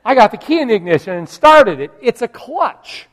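A middle-aged male pastor telling a humorous story in a sermon, jumping from loud exclamations to quiet asides. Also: very high voice, in a large hall.

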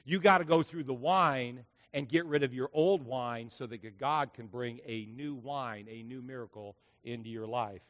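A male pastor preaching a sermon in a church, emphatic, swinging between loud and hushed. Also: medium pitch, moderate pace, few pauses, big-room sound. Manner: emphatic preaching with dramatic acted quotes and big volume swings. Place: church sanctuary.

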